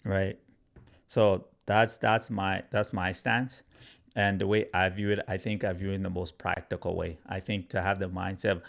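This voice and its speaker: A crypto educator hosts a casual livestream, chatting loosely and directly to viewers, reading their comments aloud and peppering his speech with "like" and "right?". His voice is deep, gravelly, and fairly flat in pitch, at a moderate pace.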